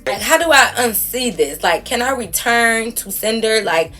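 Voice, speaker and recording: A woman vlogger telling a story to her viewers in a casual, animated, exasperated way with plenty of slang. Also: on the high side, moderate pace, faint music behind.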